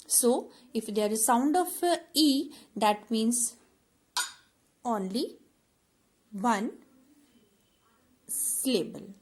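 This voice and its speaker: Slow-paced woman teacher. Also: fairly high pitch, lively intonation, slight background noise. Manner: slow, repetitive explaining with many fillers. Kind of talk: classroom teaching demonstration.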